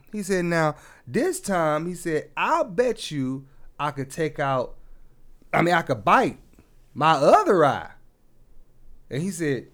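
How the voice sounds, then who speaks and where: A man co-hosts a loose comedy podcast, spinning a long joke and jumping into each character's voice. His voice sits high and swoops widely as he tells it. He laughs often through the story. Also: very animated, normal speed. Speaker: podcast co-host. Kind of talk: casual joke-telling chat.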